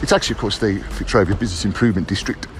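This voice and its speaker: A man's voice: on the low side, very fast, background noise. A man, a writer, giving a playful, theatrical vlog update while walking outdoors on city streets. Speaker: writer and pub crawl founder.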